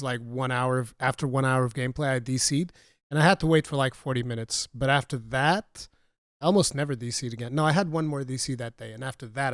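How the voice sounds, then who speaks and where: A man's voice: mid-range voice, no room sound, studio quality. A man hosting a podcast, chatting casually and laughing often. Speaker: podcast host. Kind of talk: casual chat.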